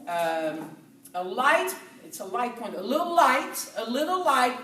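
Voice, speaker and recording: A woman in her fifties from the southern Netherlands with a Dutch accent, giving a chatty, lively talk to a group and laughing often. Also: on the high side, unhurried, background noise. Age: 50s. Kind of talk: casual talk to an audience. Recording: echoey room, from far off.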